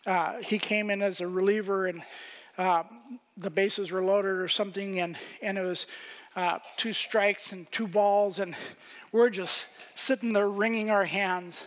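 A man preaching a sermon as pastor, swinging from loud emphasis to hushed whispers. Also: sits high, fairly even intonation, measured pace, big-room sound.

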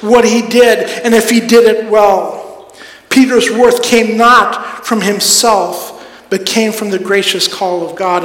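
A man's voice: high-pitched, fairly bright tone. A man preaching a sermon as pastor, earnest and building to emphatic repeated lines, recorded in a church sanctuary. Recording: echoey hall with long reverb.

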